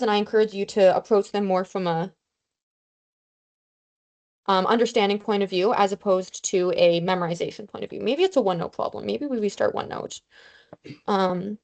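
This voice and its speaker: A young woman with a mid-range, slightly mellow voice tutors an online review session over a video call. As a student tutor, she explains formulas casually, often poking fun at herself.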